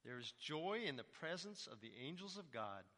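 A male pastor preaches in a high, very lively voice that swoops up and down, chatting with the congregation through rhetorical questions. His tone is crisp and very bright, and it echoes through a reverberant hall. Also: moderate pace. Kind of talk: sermon.

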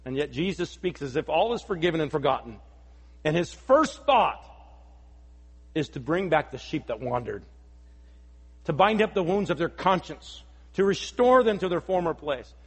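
A man preaching a sermon as pastor, earnest and emphatic, rising in force and then dropping to soft appeals, in a church. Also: on the high side, very animated, moderate pace, long pauses, husky. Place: church sanctuary. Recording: long reverb of a large hall.

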